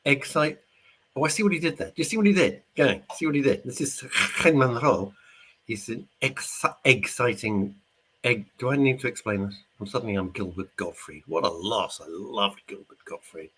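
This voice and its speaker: A man's voice: medium pitch, moderate pace, a bit bright, slightly rough. A middle-aged man hosting a radio show, chatting casually and jokingly while reading out listener messages. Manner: chatty, jokey, rambling. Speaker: radio host. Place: studio.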